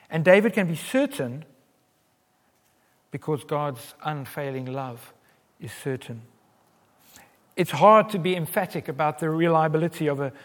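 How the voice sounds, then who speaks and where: Male preacher, fairly high voice, emphatic and earnest, recorded with long hall reverb. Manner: earnest, emphatic, with wide swings in loudness. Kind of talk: sermon.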